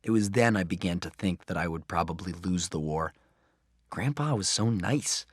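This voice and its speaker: A man reading a children's novel aloud in the first person, expressive and lively. His voice is deep and moves widely in pitch. The recording is dry and close. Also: moderate pace, dry recording. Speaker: audiobook reader. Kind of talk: first-person storybook narration.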